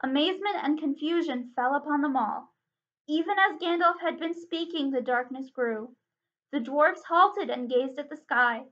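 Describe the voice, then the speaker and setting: Bright-voiced woman reading a storybook aloud. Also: high voice, normal speed. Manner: expressive, dramatic reading. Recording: dull lo-fi recording.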